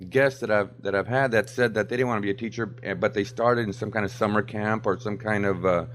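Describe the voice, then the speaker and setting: A man's voice: on the low side, steady tone, brisk, fairly bright tone, slight background noise. Enthusiastic podcast host, man. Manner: enthusiastic, repeats phrases, many fillers. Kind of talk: casual interview.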